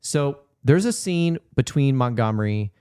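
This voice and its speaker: A man's voice: mid-range voice, lively intonation, a little slow, a little mellow, smooth. A man in an everyday mid-range voice making a long case about a film on a podcast. He works through his points with hedges and side remarks, checking in with the others as he goes. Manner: argues at length, lays out points with hedges and asides. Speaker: podcast co-host. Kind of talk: casual film-review chat.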